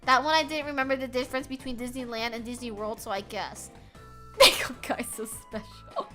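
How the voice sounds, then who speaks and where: A young adult woman streamer chatting casually with her viewers, loud and animated, often yelling and laughing, with a sore throat. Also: on the high side, moderate pace, faint music behind. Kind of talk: casual live-stream chat.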